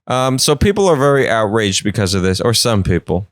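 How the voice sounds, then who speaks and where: Animated man riffing on a podcast. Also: on the low side, fairly quick, dry recording, clean studio sound. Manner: animated, rambling, jokey. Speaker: podcast host. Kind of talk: casual comedic riffing.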